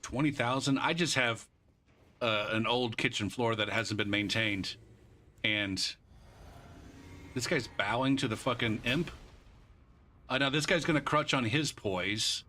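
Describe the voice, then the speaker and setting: Guy live streaming a game, sharp bright voice, swears a ton and rants, wanders off topic. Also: medium pitch, a little slow, long pauses. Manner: frustrated profane ranting; rambling off-topic asides. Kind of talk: live gameplay commentary.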